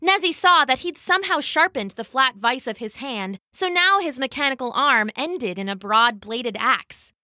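Expressive woman narrating a children's story. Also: sits high, moderate pace, hardly any pauses, dry recording, studio quality.

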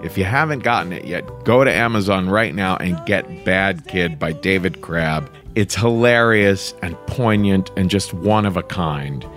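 A man's voice: sits low, unhurried, hardly any pauses, fairly bright tone, faint music behind. A man hosting a podcast, reading a scripted, enthusiastic introduction of the next storyteller. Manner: enthusiastic, promotional. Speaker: podcast host.

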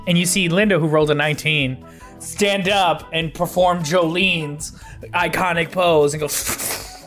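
A man's voice: fairly high pitch, unhurried, fairly bright tone, faint music behind. A man narrating as game master in a loose, chatty way, often laughing.

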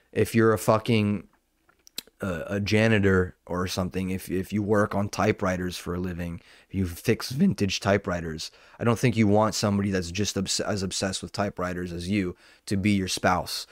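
A man's voice: sits low, no room sound, studio quality. A man, a stand-up comedian, ranting casually on his podcast in a profane, rambling way with lots of restarts.

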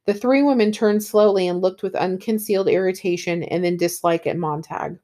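A woman's voice: mid-range voice, moderate pace, dark tone. Eager woman talking books. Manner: enthusiastic, with fillers like um and you know. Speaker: book reviewer. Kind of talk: casual book talk and reading aloud.

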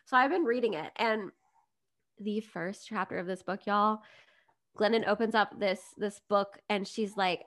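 A woman's voice: mid-range voice, unhurried, a bit bright. A woman, a business coach chatting as a podcast guest, upbeat and digressive. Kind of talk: casual podcast conversation.

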